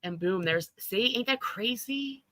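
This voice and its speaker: A woman's voice: medium pitch, animated, unhurried, sharp tone, no echo, poor audio. A woman hosting a casual livestream chat, talking loosely, laughing often and swearing freely. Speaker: livestream host.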